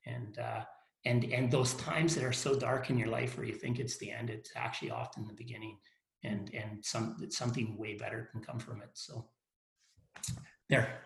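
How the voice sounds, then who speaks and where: A man's voice: mid-range voice, steady tone, moderate pace, creaky. A man speaking as a guest on a podcast, telling stories frankly and often repeating and restarting his words. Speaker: company leader, podcast guest. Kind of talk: casual storytelling interview. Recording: roomy echo.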